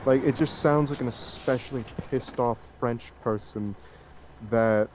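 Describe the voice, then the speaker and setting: A man in relaxed gaming-stream chat who keeps asking pointed, teasing questions and muses aloud about whatever catches his attention. His voice is middle-pitched and slightly lower than his friends'. A clear layer of vehicle and game ambience sits beneath his voice. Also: unhurried, background noise. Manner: inquisitive, teasing, ponders things aloud. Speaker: gamer on a multiplayer stream. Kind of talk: casual chat while gaming.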